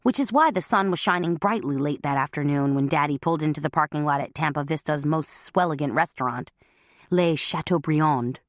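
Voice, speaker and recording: A woman's voice: low-pitched, a little fast, no echo, studio quality. A woman reading a humorous cozy mystery audiobook in a wry, conversational first-person voice. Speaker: audiobook narrator.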